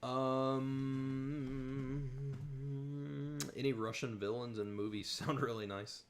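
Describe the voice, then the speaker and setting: A man's voice: medium pitch, little pitch movement, takes it slowly, a little hiss or hum. A man hosting a casual question-and-answer chat, rambling with lots of fillers and restarts while he searches for names. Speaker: channel host answering viewer questions.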